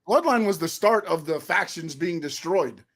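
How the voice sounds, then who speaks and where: A high-voiced man co-hosting a wrestling talk show who argues and doubts everything. His pitch jumps around in lively swings, and he keeps firing questions at his partner. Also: moderate pace, vocal fry. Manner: skeptical, argumentative, leans on questions. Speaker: co-host.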